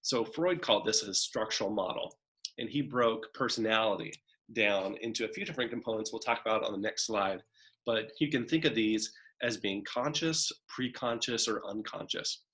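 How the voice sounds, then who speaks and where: A man delivers a recorded college psychology lecture with a somewhat low voice. He talks casually, filling his points with "right?" and "kind of" as he walks through slides. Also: normal speed, fairly bright tone. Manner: conversational, frequent "right?" and "kind of" asides; acts out a demanding child's voice in examples.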